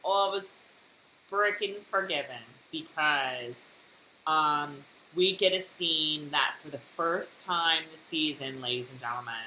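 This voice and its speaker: Animated woman recapping TV, roomy sound. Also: low-pitched, slow. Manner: animated, laughing, acts out lines. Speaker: podcast co-host. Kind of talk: casual recap chat. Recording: roomy echo, faint noise.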